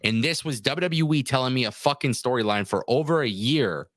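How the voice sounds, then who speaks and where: A man's voice: medium pitch, brisk, a bit bright, dry recording. A man co-hosts a livestream, sounding frustrated and fired up. He often trips over his words and restarts mid-sentence. His voice sits in a middle range and sounds close and dry. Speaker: co-host. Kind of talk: livestream wrestling talk.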